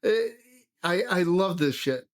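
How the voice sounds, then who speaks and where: A man's voice: high-pitched, unhurried. A man hosting a live music reaction, enthusiastic, swearing and humming drum beats. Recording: music playing behind.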